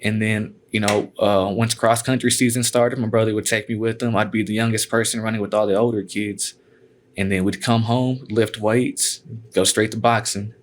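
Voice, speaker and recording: A man's voice: fairly low pitch, flat delivery, normal speed, slight background noise. A man guest telling stories in a laid-back, casual way, filling his talk with "man" and cuss words. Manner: laid-back, peppers speech with "man" and cussing. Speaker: guest, MMA fighter. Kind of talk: casual storytelling.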